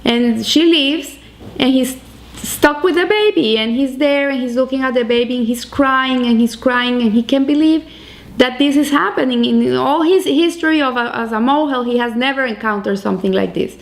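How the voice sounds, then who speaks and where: A woman gives a weekly Torah portion sermon, telling a story earnestly. Her fairly high voice climbs on emphatic points. She speaks in a plain, teaching manner. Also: normal speed.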